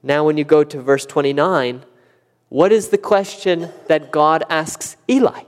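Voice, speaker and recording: A man preaches, his fairly high voice climbing as he acts out the questions he quotes. His delivery is animated and earnest, pressing each point home. The sound carries a long, ringing reverb from a large sanctuary. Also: measured pace. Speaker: pastor. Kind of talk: sermon.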